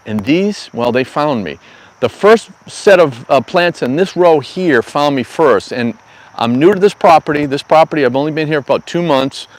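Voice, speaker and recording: A man's voice: fairly high pitch, expressive, moderate pace, poor audio. A middle-aged man hosting a live stream from an outdoor garden studio, telling stories in a casual, folksy, slangy way. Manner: chatty storyteller, folksy, slangy asides. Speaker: cannabis grow channel host.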